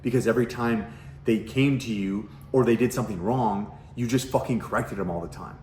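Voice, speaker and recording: This is a middle-aged parenting coach at home, kitchen nearby, giving a casual direct-to-camera talk packed with swearing and rhetorical questions. He has a fairly low, darkish voice, speaks briskly, and the room is echoey.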